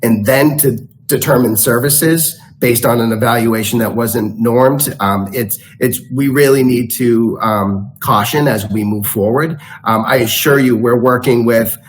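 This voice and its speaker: Man, mid pitch, formal board presentation, measured delivery with fillers. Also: poor audio. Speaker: school district official presenting.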